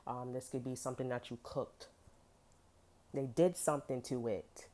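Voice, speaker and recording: Low mellow-voiced woman reading tarot. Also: fairly even intonation, moderate pace. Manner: blunt, profane, emphatic slang. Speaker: tarot reader.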